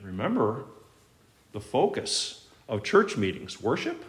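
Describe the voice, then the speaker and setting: A middle-aged male pastor preaching a sermon, emphatic, with sudden loud rises and soft drops. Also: mid-range voice.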